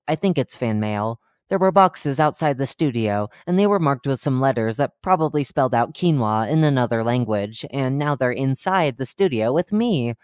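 A reader voicing a cheerful, oblivious male radio talk-show host who chats brightly and drops deadpan dark jokes. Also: medium pitch, no room sound, studio quality, close to an everyday voice. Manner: chipper, chatty broadcast patter with deadpan dark jokes. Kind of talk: horror fiction reading.

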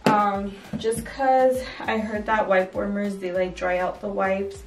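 A woman's voice: mid-range voice, flat delivery, slow pace, roomy sound, far from the mic, soft background music, low-quality recording. A young woman casually showing her baby's nursery in a chatty, rambling way, full of "like" and "um". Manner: chatty, filler-heavy, with frequent "like" and "um". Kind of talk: casual home tour chat. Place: indoors in a home nursery.

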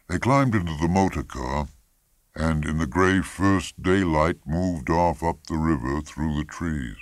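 A man narrating a literary short story in a measured, expressive audiobook reading, close to the mic. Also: a bass voice, dry recording. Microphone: close studio mic.

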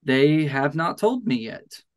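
A man's voice: on the high side, big pitch swings, slow pace. A man playing a tabletop heist game, improvising his character's cover story with hesitant fillers. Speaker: player. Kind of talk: in-character tabletop role-play.

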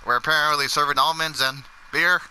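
Man, gamer, casual chat, excitable, bright tense tone, laughing. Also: fairly high pitch, fairly quick, clear, resonant tone, rough recording.

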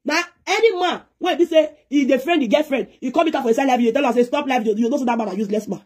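A woman's voice: high voice, racing, a little mellow, husky. A woman with a Nigerian Pidgin accent, giving a heated, scolding live-stream rant as a presenter, switching between pidgin and English.

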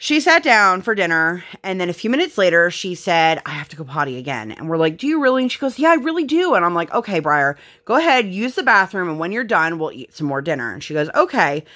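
A woman's voice: on the low side, sing-song, fairly quick, few pauses. A woman in her thirties, a mother and vlogger, chatting casually and telling rambling stories while she crafts. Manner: rambling storytelling with fillers, bright sign-off.

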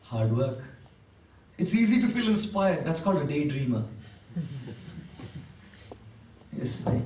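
A man's voice: fairly high pitch, very animated, a little slow, long pauses, mellow, a little hiss or hum. A man giving an emphatic motivational talk to a live audience, repeating key words and asking the crowd questions. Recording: echoey hall, voice from a distance.

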